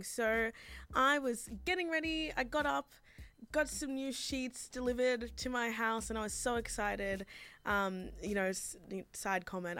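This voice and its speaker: A woman's voice: mid-range voice, a bit bright. Chatty Australian woman radio host. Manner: chatty, laughing, rambling asides. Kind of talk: casual radio hosting.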